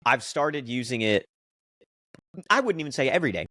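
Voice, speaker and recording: A man's voice: mid-range voice, sing-song, normal speed, pushed and bright, dry recording. A man in his late twenties banters on a podcast in a loose, rambling way full of fillers. His voice sits mid-range and sounds dry and close to the mic. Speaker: podcast co-host. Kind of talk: casual chat.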